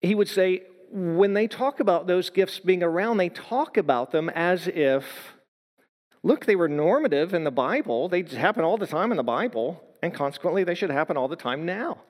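A man preaching a sermon in earnest, measured phrases, slowing down to stress quoted lines. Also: high voice, animated. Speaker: pastor. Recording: long hall reverb.

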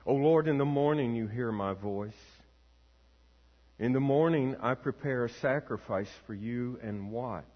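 A man, a pastor, reading scripture aloud and leading prayer in a slow, measured, solemn way. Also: mid-range voice. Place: church sanctuary. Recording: long reverb, dull lo-fi sound.

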